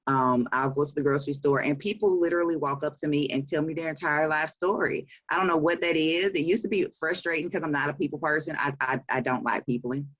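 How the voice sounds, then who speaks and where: A woman's voice: deep voice, fast, few pauses, fairly bright tone, no echo, muffled recording. A woman in her forties with a Southern US accent, an author talking about her work in a casual interview, chatty and laughing often. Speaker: author and publisher.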